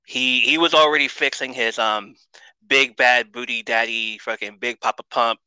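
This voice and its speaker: A man tells a rambling, excitable story as a podcast guest, swearing freely and restarting his sentences. His voice is very bright and sharp. The recording is close and dry. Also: mid-range voice, moderate pace, clear, resonant tone, dry recording, low-quality recording. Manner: excitable, profane, with frequent restarts. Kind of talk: casual storytelling.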